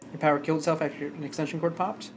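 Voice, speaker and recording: A male streamer who chats eagerly and sometimes trips over his words. His voice sits a little high, with faint game music underneath. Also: very fast. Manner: animated and chatty, stumbles over words. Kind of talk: live stream chat and story reading.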